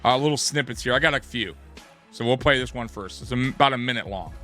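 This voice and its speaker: Male sports host, heated profane rant, bright forceful tone. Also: medium pitch, fast, faint music behind. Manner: heated, profane, restarts sentences. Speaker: sports talk show host.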